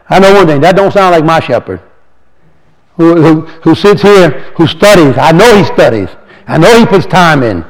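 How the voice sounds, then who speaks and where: A man giving an informal, earnest sermon to a congregation as a lay speaker, reading scripture slowly and putting questions to the listeners. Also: on the high side, expressive, poor audio. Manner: earnest and exhorting, reads verses slowly, asks the audience questions.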